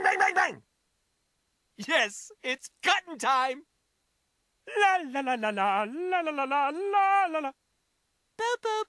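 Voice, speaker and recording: An actor playing a manic, wisecracking male mercenary in a video game, shouting taunts and one-liners. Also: very high-pitched, no room sound, studio quality, full character voice. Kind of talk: video game character voice lines.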